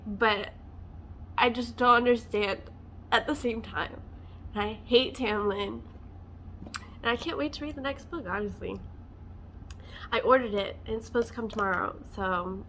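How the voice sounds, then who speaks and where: A woman vlogs a casual, passionate book rant, speaking emotionally and packing her speech with "like." Her mid-range voice is fairly bright, with slight background noise.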